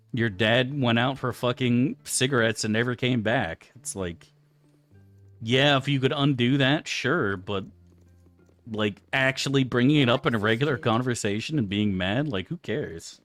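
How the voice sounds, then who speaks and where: A man's voice: mid-range voice, a little slow, a bit bright, dry recording, faint music behind. A man chatting casually on a live game stream, crude and profane, rambling through asides to his chat.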